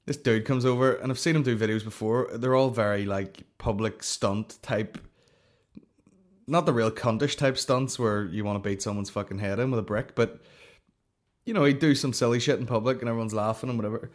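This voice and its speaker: A young man hosting a comedy podcast, telling a story in a profane, animated rant full of fillers. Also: mid-range voice, fairly quick.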